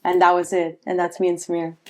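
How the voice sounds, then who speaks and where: Animated woman telling a story. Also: on the low side, fast talker. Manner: animated, swears freely, acts out quotes. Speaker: guest. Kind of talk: casual storytelling in a podcast interview.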